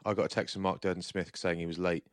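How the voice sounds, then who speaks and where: Male podcast co-host, low voice, dry studio sound, teasing banter. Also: flat delivery, fast, dry recording. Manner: banter, mimics friends in high voices. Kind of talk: casual chat.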